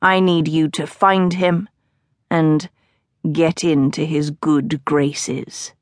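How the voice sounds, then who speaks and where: A woman voicing a smirking, scheming male playwright in an audiobook, lowering her voice for him. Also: no room sound, studio quality.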